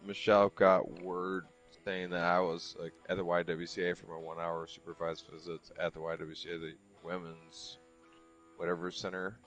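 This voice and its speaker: Deep-voiced, cursing, rambling man. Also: low-quality recording. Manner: rambling, profane, heavy use of "like". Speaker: streamer chatting while gaming. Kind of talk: casual chat storytelling.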